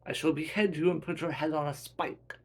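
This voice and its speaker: A man's voice: fairly high pitch, fairly even intonation, brisk, pitched above the performer's own voice. A man voicing a ruthless German villain commander, with a put-on German accent and cold, clipped threats. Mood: menacing.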